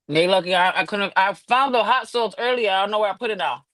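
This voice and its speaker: A woman's voice: mid-range voice, fairly bright tone, no echo. Brash, profane woman on the podcast. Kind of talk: casual chat.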